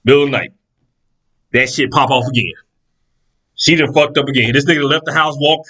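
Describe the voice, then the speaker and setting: A man's voice: mid-range voice, a little fast, low-quality recording. A man telling a story in casual monologue, swearing freely and acting out the people in it. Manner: animated, profane, acts out the people in his stories.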